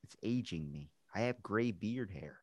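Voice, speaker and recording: A man from the United States hosts a podcast in a low voice, chatting loosely and swearing often. His voice sounds dry and close, with no room around it. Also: lively intonation, measured pace, dry recording. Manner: swearing, self-deprecating. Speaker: podcast host. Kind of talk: casual chat.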